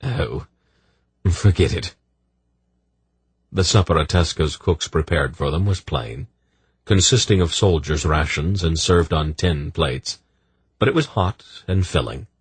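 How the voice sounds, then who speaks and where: Deep-voiced husky male audiobook narrator. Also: measured pace, dry recording. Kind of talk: scripted narration.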